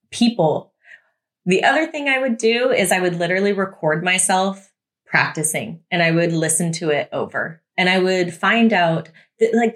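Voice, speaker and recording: A woman's voice: fairly low pitch, a bit bright. A young adult woman in a casual advice vlog, chatty, repeating words for emphasis with a few fillers. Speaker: YouTuber giving advice.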